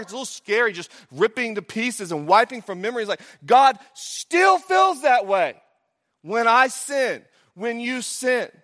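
Impassioned pastor preaching in an echoey hall. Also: male voice, high-pitched. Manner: impassioned, swings between loud emphatic peaks and soft hushed drops. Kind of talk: sermon.

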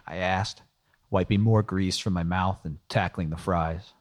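A man's voice: sits low, fairly even intonation, measured pace. Man reading a sardonic detective novel. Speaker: audiobook narrator. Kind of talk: first-person audiobook narration.

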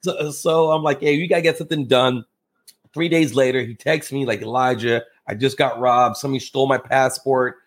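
A man telling a story as a podcast guest, acting out the people in it with lively jumps in his voice. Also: a little fast. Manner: animated, acts out quotes with big pitch jumps. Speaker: podcast guest, real estate investor. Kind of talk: casual storytelling in conversation.

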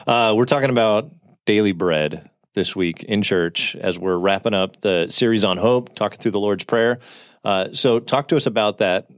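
A man's voice: on the low side, moderate pace, dry recording, clean studio sound. A man co-hosting a casual church podcast who prompts his guest with questions in a friendly way. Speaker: podcast co-host.

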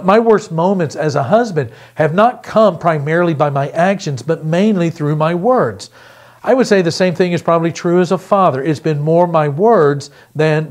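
A middle-aged man delivers a pre-recorded sermon with a voice pitched a little above most men's. He is earnest and emphatic and often slows to repeat a key phrase. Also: darkish tone. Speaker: pastor.

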